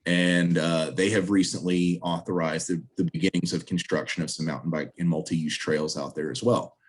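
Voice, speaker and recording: A man's voice: low voice, steady tone, moderate pace, breathy edge. A man, president of a trail association, speaking earnestly and upbeat as a guest in a video-call interview, appealing for volunteers.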